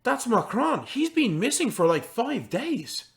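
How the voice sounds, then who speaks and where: A man voicing an earnest, loyal male village gendarme in a tabletop game, talking in excited, halting bursts. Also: extremely high pitch, voice pushed up, heavily acted. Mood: urgent.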